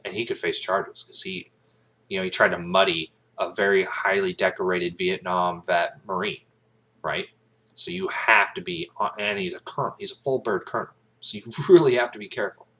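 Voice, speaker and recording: A man's voice: low-pitched, steady tone, moderate pace, bright, forceful tone. A man who is an aspiring actor, casually retelling a movie scene in a rambling way. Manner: rambling, with many fillers and restarts.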